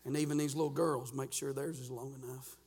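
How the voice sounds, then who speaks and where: A man preaching a sermon as pastor in a church, folksy and fervent, peppering his talk with "uh" and rising to shouts. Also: mid-range voice, fairly even intonation, brisk, slightly rough, long reverb tail. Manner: folksy preaching with frequent "uh" fillers. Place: church sanctuary.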